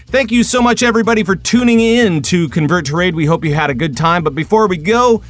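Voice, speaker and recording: Chatty podcast host, higher male voice. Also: expressive, quick pace. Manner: rambling, filler-heavy, laughs easily. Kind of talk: casual podcast chat.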